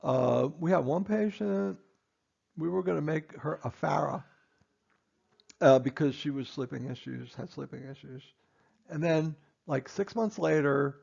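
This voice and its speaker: A man's voice: fairly high pitch, a little slow, gravelly, a little mellow, slightly rough, lo-fi sound. A man, a dentist, giving a stern training lecture to his assistants, emphatic and repeating his points.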